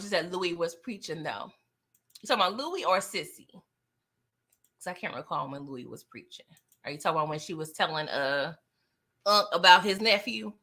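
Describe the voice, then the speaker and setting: A woman giving a casual recap of a TV episode, animated and chatty, talking straight to her viewers. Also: lowish voice. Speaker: TV recap vlogger.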